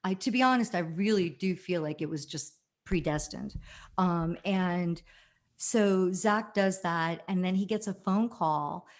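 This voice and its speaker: Woman, 50s, from New Jersey, podcast guest; slightly low voice, animated storyteller with a casual, filler-heavy delivery. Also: unhurried.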